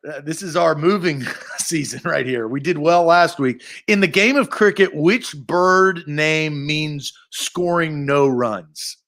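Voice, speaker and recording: A man co-hosting a casual sports trivia segment, reading each question slowly and deliberately. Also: on the high side, fairly bright tone.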